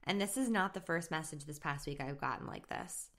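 A woman's voice: sits low, lively intonation, fairly quick, fairly bright tone. Upbeat woman hosting a coaching podcast. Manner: upbeat, chatty, laughs at herself. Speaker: podcast host. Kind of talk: solo motivational podcast talk.

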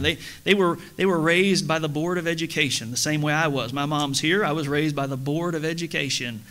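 A middle-aged man preaching from the pulpit, his voice sitting a little high with a bright, forceful edge. He keeps it conversational, throwing questions and jokes to the congregation. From United States. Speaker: pastor. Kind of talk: sermon. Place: church sanctuary.

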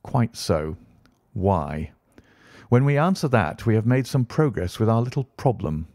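A man doing Sherlock Holmes, crisp and impatient. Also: fairly low pitch, very animated, a little slow, darkish tone, no room sound, clean studio sound, exaggerated voice. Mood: lecturing. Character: Sherlock Holmes, brisk, impatient male detective.

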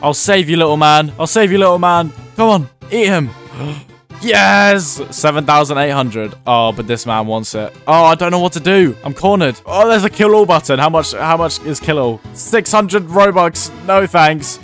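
A young man with a fairly high voice talks through his gameplay in excited, jumpy bursts. He yelps, laughs and reacts fast to every turn. Faint music plays behind him. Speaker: gaming YouTuber.

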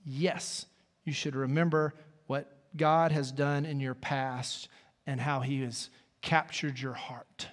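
A male pastor delivers a sermon with a slightly raised pitch and an easy, conversational style, checking in with his listeners as he goes. His voice carries through the long reverb of a church sanctuary. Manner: conversational preaching, folksy asides.

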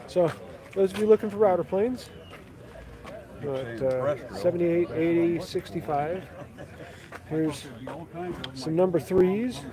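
Man, slightly higher voice, casual chatty tool-sale walk-through, outdoor crowd noise. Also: slow pace, long pauses. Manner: casual, chatty, lists prices and tools as he walks. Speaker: woodworking channel host.

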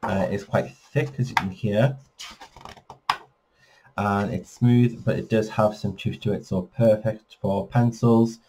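A man's voice: lowish voice, fairly even intonation, unhurried, noisy background. A man giving a casual flip-through review of a colouring book, chatty, with frequent fillers and self-corrections.

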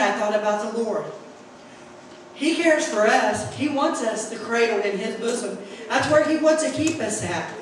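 Middle-aged woman, Southern Indiana accent, folksy church testimony, echoing sanctuary, distant mic. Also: a little high. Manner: folksy storytelling, acts out quotes, laughs often. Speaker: church member giving testimony. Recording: echoey church from far off, noisy.

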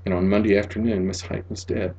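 A man narrating a literary short story as an audiobook, measured and expressive, sinking to a near whisper in the sad passages. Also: lowish voice, vocal fry, slightly rough, muffled recording. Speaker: audiobook reader.

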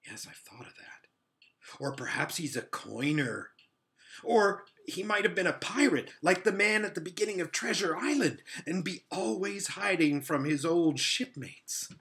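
A man's voice: a little high, expressive, a little slow, a bit bright, pitched above the performer's own voice. A man reading an audiobook, voicing a curious, frank young schoolgirl in a pert, inquisitive manner.

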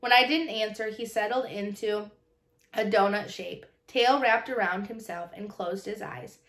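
A woman reading a children's novel aloud in calm, even first-person storybook narration. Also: mid-range voice, measured pace. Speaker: audiobook narrator. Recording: roomy echo.

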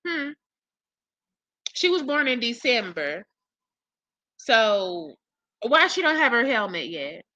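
Woman vlog host, blunt and profane, bright tense voice, a little high, dry close mic. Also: big pitch swings, slow, pauses often, no echo, dull audio. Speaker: commentary channel host. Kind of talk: casual gossip commentary to viewers.

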